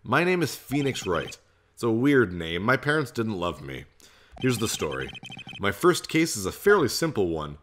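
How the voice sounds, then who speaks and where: A man's voice: lowish voice, sing-song, normal speed, fairly bright tone, slight background noise. A man voicing a young male defense lawyer in a game, reading in a dry, wry way.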